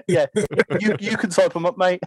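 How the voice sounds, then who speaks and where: A man with a Birmingham accent hosts a relaxed podcast, chatting freely and laughing often. His voice sits a little high for a man. The sound is close and dry, with no room around it. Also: no room sound. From Birmingham, England. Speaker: podcast host. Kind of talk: casual podcast chat. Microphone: remote call recording.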